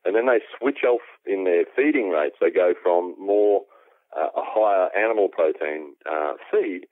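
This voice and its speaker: Deep-voiced Australian man on a phone line. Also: dry recording. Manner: relaxed, explains at length with many ums. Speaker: aquaponics specialist guest. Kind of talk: explanatory interview answers. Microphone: phone call. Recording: tinny phone line, dry.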